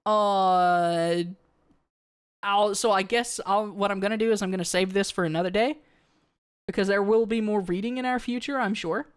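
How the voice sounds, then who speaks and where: Lady streamer just chatting, lots of uhs and restarts, smooth clear voice. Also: mid-range voice, fairly even intonation, normal speed. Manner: rambling, with many fillers and restarts; reads viewer comments aloud and answers them. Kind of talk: casual chat to a live stream.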